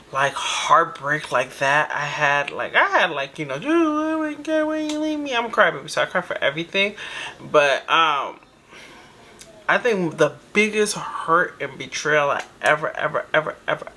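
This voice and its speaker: Woman host reacting to a clip; bright, chatty, teasing. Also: low-pitched, a little hiss or hum. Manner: chatty, teasing, says "baby". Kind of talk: casual reaction commentary.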